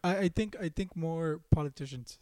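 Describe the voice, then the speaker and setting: A young man co-hosting a casual podcast, low-key with short, easy replies. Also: moderate pace, a little mellow. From Mexican heritage. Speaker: podcast co-host. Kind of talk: casual chat.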